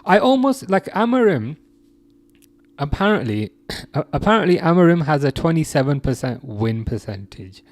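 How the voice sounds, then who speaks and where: A man's voice: a little high, very animated, moderate pace, no room sound. Young man, from England, live stream host, casual chat, laughs a lot, restarts sentences, dry close mic. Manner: chatty, laughs often, many restarts and fillers. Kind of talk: casual live chat reading viewer comments.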